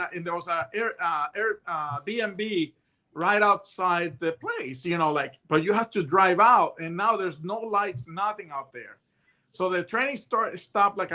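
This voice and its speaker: A man in his late fifties, a retired hostage negotiator, telling stories in a casual chat, animated and full of restarts and voiced quotes. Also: sits high. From United States. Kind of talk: casual storytelling.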